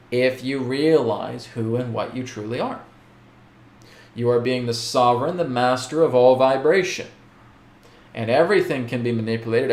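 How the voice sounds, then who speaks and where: A man's voice: mid-range voice, reverberant, lightly acted. A man voicing a wise male spirit mentor, teaching in a grand, lecturing way with rhetorical questions.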